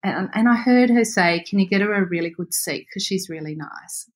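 A woman telling a story in a casual chat, animated, laughing often and acting out the voices of the people in it. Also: mid-range voice, normal speed.

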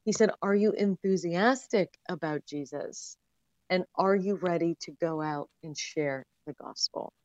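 A woman correspondent gives a clear, measured report for a radio podcast. The sound is dry and slightly dull, as if from a modest lo-fi line. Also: lowish voice, darkish tone, no room sound.

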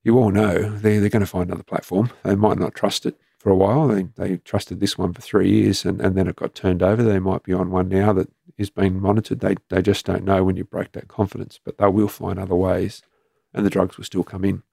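A middle-aged Australian man, a former police commander, telling his story in an interview in a plain, matter-of-fact way with halting restarts. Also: sits low, little pitch movement, creaky, mellow, slightly rough, dry recording, clean studio sound.

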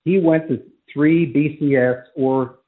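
A man's voice: fairly high pitch, fairly even intonation, slow. A man calling in as a college football writer, giving emphatic, argumentative analysis on sports radio over a phone line.

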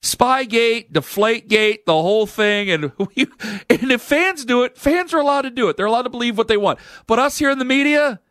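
Man, sports radio host, high voice, sarcastic opinionated monologue, dry studio sound. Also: sing-song, normal speed, a bit bright, no echo.

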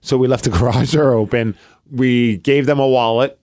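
A man in his thirties co-hosting a podcast, telling a story with plenty of energy. His voice sits at a middle pitch, and he slips into quoted lines as he goes. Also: normal speed. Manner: animated storytelling, acts out quotes. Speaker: podcast co-host. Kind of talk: casual chat.

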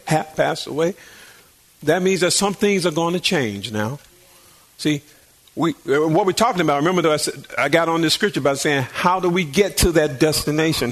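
An older man preaches a sermon with a high, lifting voice. He talks to the congregation in a folksy, conversational way, repeating words as he builds up fervor. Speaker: pastor.

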